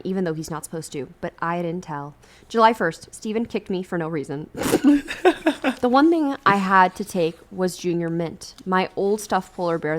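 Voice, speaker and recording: A young woman reads a novel aloud in a fairly low voice. Her reading is steady and plain, and she breaks in with wry, joking asides. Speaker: YouTube host.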